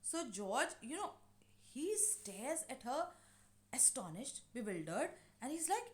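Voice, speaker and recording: A woman's voice: a little high, big pitch swings, slow pace. A woman teacher, explaining a play to a class and paraphrasing it with many fillers. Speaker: English teacher.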